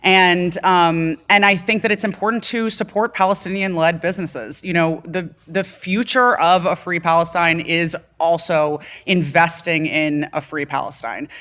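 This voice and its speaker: A woman appearing as a guest activist on a live talk show stage, speaking haltingly and often pausing with "you know". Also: deep voice, fairly bright tone. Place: studio stage before a live audience.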